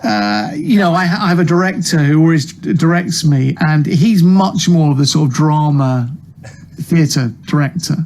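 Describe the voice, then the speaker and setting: Man, comic actor, slightly high voice, chatty, self-deprecating, video call interview. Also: normal speed, a little mellow. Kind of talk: casual interview chat.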